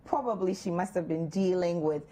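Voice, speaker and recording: A Ghanaian woman co-hosting a relationship advice show in a studio, chatting in an animated, playful way and acting out quoted lines. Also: lowish voice, normal speed. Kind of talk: lively studio chat giving advice.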